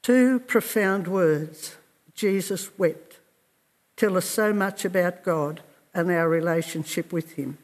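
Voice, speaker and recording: A man preaching a sermon in a slow, earnest and reflective way, with measured pauses. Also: sits high, big-room sound.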